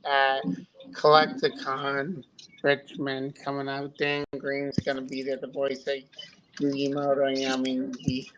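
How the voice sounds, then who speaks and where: A man chatting casually on a live stream as a guest, talking slowly with a halting manner and frequent fillers. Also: mid-range voice, completely flat delivery. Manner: slow and halting, many fillers. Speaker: guest Funko collector. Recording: noisy background.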